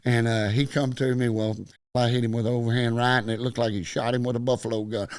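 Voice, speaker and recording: A man's voice: medium pitch, level tone, quick pace, no echo. A middle-aged man with a Texan accent, a podcast guest telling a long story in casual chat and acting out every quoted line.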